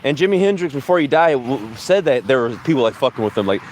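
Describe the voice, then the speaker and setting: A man's voice: mid-range voice, sing-song, fast talker, a little hiss or hum. A man hosting a casual podcast while out on a walk, rambling, swearing and laughing often. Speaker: podcast host. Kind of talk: casual chat while walking outdoors.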